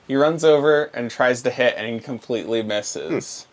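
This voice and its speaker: A man running a tabletop game as game master, narrating in an unhurried, laid-back way with fillers. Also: mid-range voice.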